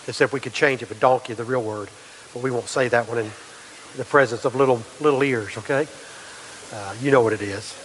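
A man's voice: mid-range voice, a bit bright, long reverb tail, a little hiss or hum, rough recording. A pastor delivering a conversational sermon, acting out quotes and often repeating words as he goes.

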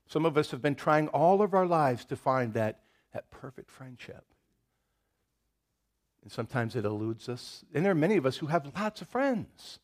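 A pastor with a Southern American accent preaching a casual sermon, chuckling often and acting out little quotes. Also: male voice, medium pitch, sing-song, a little fast. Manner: conversational, laughs often, restarts and acts out quotes.

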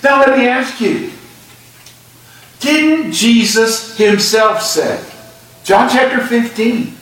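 A man with a high voice preaches a morning sermon, leaning hard on the Scripture he reads aloud. The sound is very echoey, picked up from some distance in a church sanctuary. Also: big pitch swings, slow, fairly bright tone. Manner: preaching with emphatic Scripture reading. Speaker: pastor.

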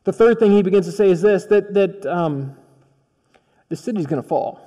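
A male pastor gives a conversational, storytelling sermon and slips into acted dialogue along the way. His voice sits a little high but sounds dark and mellow. A long hall reverb trails behind every phrase. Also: expressive, moderate pace.

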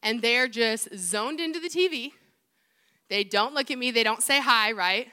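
A young adult woman, serving as an assistant youth pastor, preaches a sermon at a moderate pace in a slightly high voice. She's chatty and animated, filling it with personal stories and self-mocking asides.

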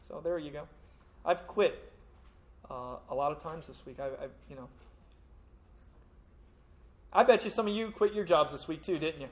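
A man preaching a sermon as a pastor, talking conversationally and swinging between loud emphasis and hushed asides. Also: a little high, normal speed, long pauses.

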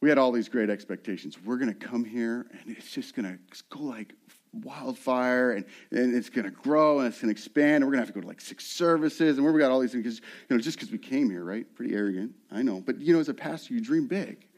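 A middle-aged lead pastor with a medium-pitched voice preaches briskly and animatedly. Along the way he acts out the voices of the people he describes.

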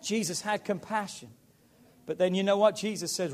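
Pastor, male, high-pitched voice, emphatic sermon delivery. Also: fairly quick. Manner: emphatic, building to loud preaching.

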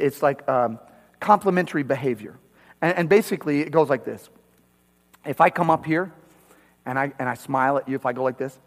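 Man, pastor preaching a sermon, high voice, emphatic rhetorical questions, long reverb.

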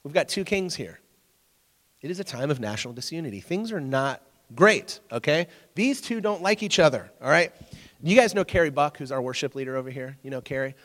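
Joking pastor in a reverberant hall. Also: male voice, on the high side, animated, fairly quick, fairly bright tone. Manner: conversational, asks the audience questions, joking. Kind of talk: casual teaching sermon.

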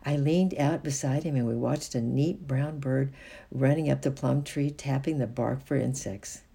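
A storybook reader with a gravelly, husky voice that reads in a gentle, steady manner. The tone is dark and mellow. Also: medium pitch, moderate pace. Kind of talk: storybook reading.

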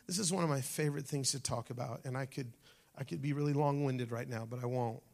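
A preaching pastor speaks fast in a creaky, medium-pitched voice. He calls out to the congregation animatedly, occasionally dropping to a near-whisper.

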